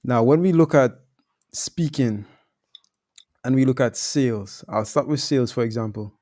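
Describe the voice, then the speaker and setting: A man's voice: mid-range voice, brisk, mellow. A man talking as a sales coach in a casual discussion, laid-back and slangy, explaining with examples.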